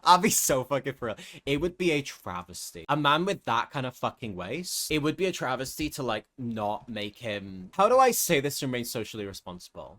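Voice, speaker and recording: A man's voice: medium pitch, bright, forceful tone. A young man giving casual, gossipy commentary over a life-sim game, swearing and laughing often. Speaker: gaming streamer.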